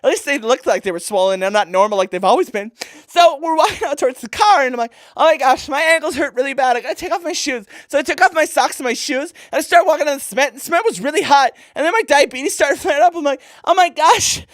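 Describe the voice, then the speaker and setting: A woman doing a high-pitched airheaded valley girl. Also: lively intonation, quick pace, no echo, studio quality. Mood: gushing. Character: vapid, self-absorbed young woman shopper. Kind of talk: comic character monologue.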